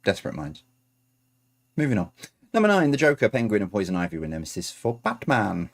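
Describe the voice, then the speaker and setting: A man's voice: lowish voice, huge pitch swings, a little fast. A man reading out quiz answers as host, adding chatty, self-correcting asides.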